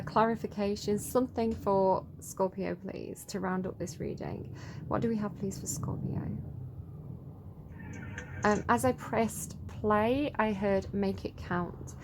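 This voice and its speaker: A woman's voice: mid-range voice, noisy background. Chatty English woman reading tarot. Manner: chatty, giggly, reads card text then riffs freely. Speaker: tarot reader. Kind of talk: casual collective tarot reading.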